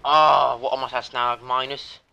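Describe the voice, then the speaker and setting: A man's voice: medium pitch, flat delivery, moderate pace, gravelly, pushed and bright, muffled recording, slight background noise. A teenage boy commenting on his own gameplay, screaming and raging at the game. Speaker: gaming channel host. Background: faint background music.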